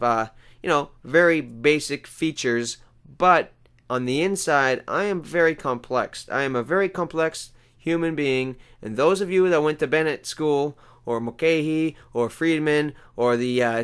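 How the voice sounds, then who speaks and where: A man with a smooth, clear voice of middling pitch rambles through a deadpan comic monologue. He boasts about himself with mock self-importance and wanders off on absurd tangents. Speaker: comedy show host.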